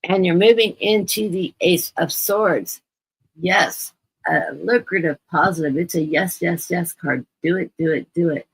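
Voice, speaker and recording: A woman's voice: fairly low pitch, unhurried, slightly rough, no echo, rough recording. A woman giving a chatty live-stream tarot reading, often repeating words for emphasis. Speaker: guest tarot reader. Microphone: computer mic on a live stream.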